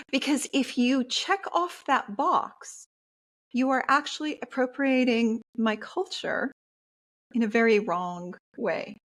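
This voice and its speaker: A woman's voice: a little high, slow, fairly bright tone. A woman speaking as a podcast guest in an earnest, heartfelt way. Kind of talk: interview conversation.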